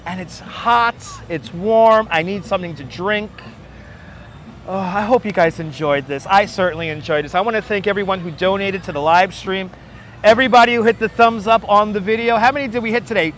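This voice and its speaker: A man's voice: high-pitched, a little fast, fairly bright tone. A man hosting a walking-tour livestream, chatting casually and joking with viewers, often laughing, on a clip-on mic outdoors. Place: outdoors on city streets. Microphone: wireless clip-on mic. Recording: faint city street noise.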